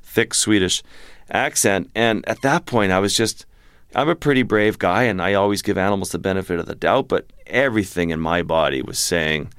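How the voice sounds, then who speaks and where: A man's voice: lowish voice, moderate pace, smooth, no room sound, studio quality. A man, a wildlife photographer, telling a vivid adventure story as a guest in an interview. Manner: vivid, animated storytelling with restarts.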